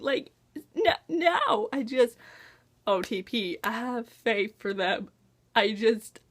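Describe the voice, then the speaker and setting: A young woman chatting excitedly in a casual book review, gushing and gasping as she talks. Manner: gushing, excitable, gasps and quick pitch jumps. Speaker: book vlogger.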